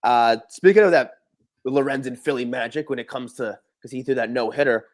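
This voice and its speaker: A man's voice: mid-range voice, fairly quick. A man co-hosting a casual morning baseball show, talking loosely and swearing as he makes his picks. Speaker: co-host. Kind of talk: casual sports talk.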